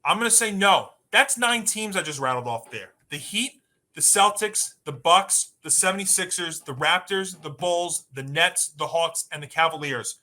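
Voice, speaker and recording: A man's voice: a little high, expressive, normal speed, pushed and bright. A man co-hosting a sports talk podcast, arguing emphatically and rattling off long lists of teams.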